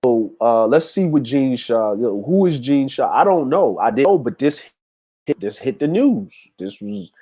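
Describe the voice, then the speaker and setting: A man's voice: mid-range voice, very animated, moderate pace, dark tone, husky. A man hosting a casual livestream, talking loosely to his chat with frequent fillers and laughter. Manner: laid-back, laughing, talks to chat with many fillers. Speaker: show host.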